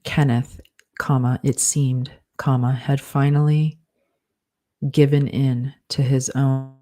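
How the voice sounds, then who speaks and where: A man's voice: mid-range voice, level tone, slow pace, dark tone. A man dictating a novel aloud, speaking each comma and period as he goes. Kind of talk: dictation with punctuation spoken aloud.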